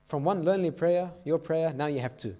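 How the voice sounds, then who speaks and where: Youth speaker, male, slightly raised pitch; church sermon told through stories, keeps asking "all right?". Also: brisk, mellow.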